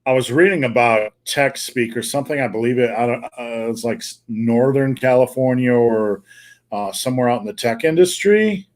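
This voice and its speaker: A man's voice: medium pitch, animated, normal speed. A middle-aged man with a faint Wisconsin accent, hosting a live podcast over a call, blunt, profane and jokey. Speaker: podcast host answering viewer questions. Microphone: remote call.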